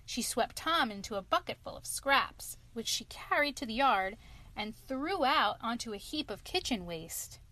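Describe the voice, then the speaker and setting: A woman narrating a children's storybook aloud in a clear, expressive reading. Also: a little high.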